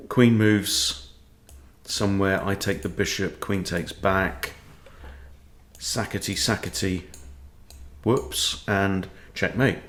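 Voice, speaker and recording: A man with a somewhat low voice talks through a chess game live, as a coach commenting on his own moves. He thinks aloud in a loose, playful way and drops in joking asides between lines of analysis. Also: fairly bright tone.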